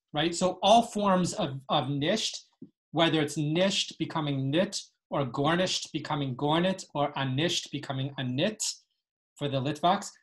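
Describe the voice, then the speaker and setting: Woman teaching a Yiddish dialect lesson. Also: sits low. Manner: explanatory, reads passages aloud and translates. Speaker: webinar teacher. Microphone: video call.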